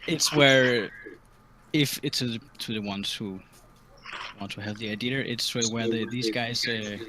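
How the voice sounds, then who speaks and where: Halting male game master with faint noise. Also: mid-range voice, steady tone. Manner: halting, full of ums and restarts, laughs easily. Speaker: dungeon master. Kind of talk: running a tabletop game online.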